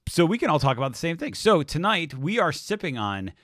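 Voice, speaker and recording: A man's voice: a little high, big pitch swings, fairly quick, a bit bright, no echo, clean studio sound. A man co-hosting a podcast in casual chat, laid-back and swearing freely. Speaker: podcast co-host.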